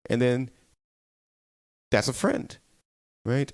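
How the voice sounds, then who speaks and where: A tired man hosting a solo podcast, chatting casually, laughing often and slipping into quick quoted voices. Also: fairly low pitch, animated, dry recording, clean studio sound. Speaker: podcast host.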